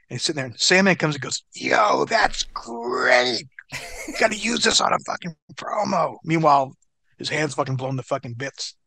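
A middle-aged American man, a former wrestler, telling an animated, profane story as an interview guest. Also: a little high, no room sound.

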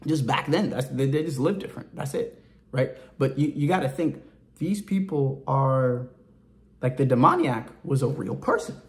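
A man's voice: mid-range voice, animated, normal speed. A man giving an informal, emphatic preaching talk about faith in colloquial language. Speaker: ministry speaker.

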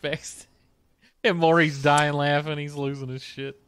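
A man's voice: fairly high pitch, little pitch movement, measured pace, a bit bright, clear, resonant tone. A man co-hosting a casual podcast, laid-back, swearing freely and laughing often. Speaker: podcast co-host. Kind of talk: casual chat.

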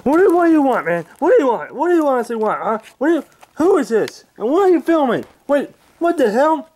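A performer voicing a furious old grandpa who yells and curses in a high, lively voice. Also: fast talker. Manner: yelling, cursing, demanding.

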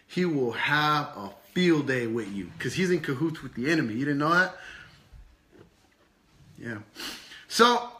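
A man's voice: fairly high pitch, bright, forceful tone, echoey room. A man preaching an informal sermon with a puppet, firing off repeated rhetorical questions in casual slang. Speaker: preacher and teacher.

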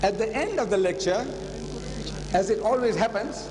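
A man's voice: high-pitched, lively intonation, moderate pace, big-room sound, noisy background. An older man telling a story in a public lecture to a live audience, dramatic and repeating phrases for emphasis. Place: lecture hall.

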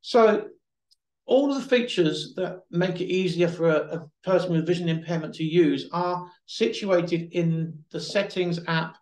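A man's voice: fairly high pitch, unhurried, a little mellow. A man presenting a webinar, patiently explaining and demonstrating phone accessibility features, now and then restarting a phrase. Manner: patient, explanatory, repeats himself at times. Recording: echoey room.

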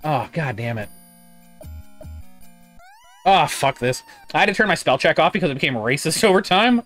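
A man's voice: fairly high pitch, big pitch swings, moderate pace, fairly bright tone. A man streaming a game who reads chat aloud in casual commentary, with frequent profane, sarcastic asides. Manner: profane, sardonic, frustrated asides. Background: faint game music.

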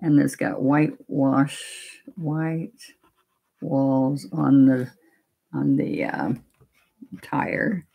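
Slow, low-voiced woman teaching painting. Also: fairly even intonation, vocal fry, mellow. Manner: chatty step-by-step explaining. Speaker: painting instructor. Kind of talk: live painting demonstration.

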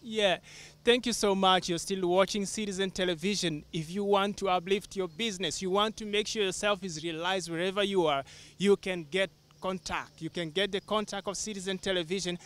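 A man hosting a television interview, speaking in a measured, formal way and giving station announcements. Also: high-pitched, fairly even intonation, fairly bright tone. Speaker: television host. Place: television studio.

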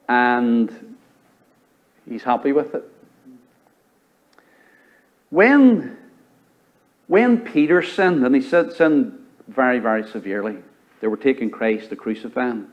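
A man with a Southern US accent preaching a sermon as pastor, rising to loud high exhortation and dropping to low, quiet emphasis. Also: highs cut off. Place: church sanctuary.

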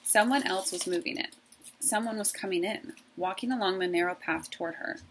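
A woman teacher reading a novel aloud to her class in a steady storytelling voice. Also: medium pitch, brisk, a little hiss or hum, rough recording.

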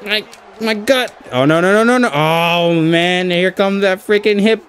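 A young man giving excitable live commentary over a wrestling video game, cheering and groaning at every move. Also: sits high, unhurried, a little hiss or hum. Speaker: gaming channel host.

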